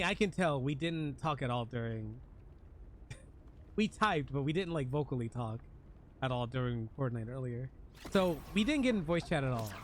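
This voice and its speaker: With a voice on the high side, a male streamer plays a game and chats with viewers in a casual, joking, animated manner. The audio carries a little hiss or hum.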